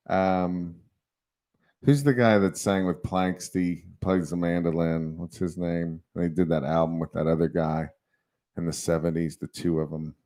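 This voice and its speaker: Very deep-voiced rambling male streamer. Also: steady tone, measured pace, dark tone. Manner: rambling and chatty, laughs often. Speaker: livestream host. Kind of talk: casual livestream chat.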